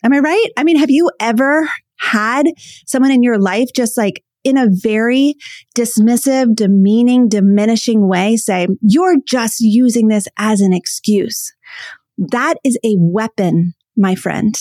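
Woman coach on her podcast, earnest and emphatic, kinda high voice, dead dry close mic. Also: a little slow, a little mellow, dry recording. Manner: earnest, emphatic, repeats key phrases. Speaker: podcast host and ADHD coach. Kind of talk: solo podcast monologue.

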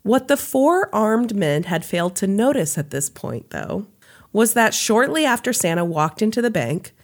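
A woman hosts a podcast and reads a story aloud in a relaxed, chatty way. She stops now and then for a laugh or a quick aside about the details. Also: mid-range voice. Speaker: podcast host. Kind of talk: casual storytelling chat.

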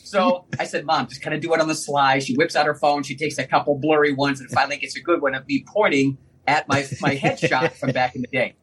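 A man with a high, husky voice, talking casually as a guest. He is a former radio DJ from Northeast Ohio. He tells animated stories and laughs often. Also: a little fast, hardly any pauses, rough recording. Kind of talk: casual conversation, storytelling.

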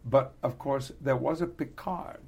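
An older man with a British accent, chatting in an interview, halting with many restarts and frequent chuckles. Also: medium pitch, vocal fry, a little mellow, breathy edge, highs cut off. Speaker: actor being interviewed. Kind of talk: casual interview chat.

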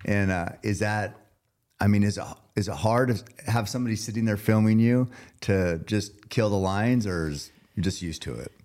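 Podcast host, male, very low voice, loose and jokey. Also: normal speed, a little mellow. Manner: rambling, jokey, laughs often. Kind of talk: casual interview chat.

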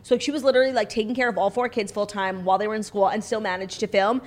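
A woman's voice: medium pitch, steady tone, rapid-fire. Playful woman co-hosting a comedy chat. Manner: playful, mock-royal banter with fillers. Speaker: podcast co-host. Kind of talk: comedic royal role-play chat.

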